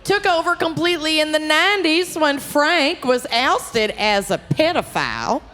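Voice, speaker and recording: A woman with a Minnesotan accent, co-hosting a live true-crime comedy podcast and presenting a case in an animated, joking way, calling out to the crowd. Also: sits high, moderate pace. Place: live theater show. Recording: live venue with long reverb and faint noise.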